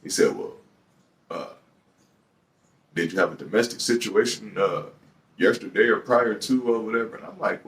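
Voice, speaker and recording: A man with a Detroit accent telling a story from his own life in a casual, profane, animated way. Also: fairly low pitch, normal speed, long pauses, far from the mic.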